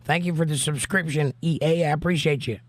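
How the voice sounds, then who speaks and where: A man with a Southern US accent and a hoarse voice, hosting a livestream and reading chat comments aloud in an easygoing, drawling way. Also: a little high, steady tone, fairly quick. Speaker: livestream host.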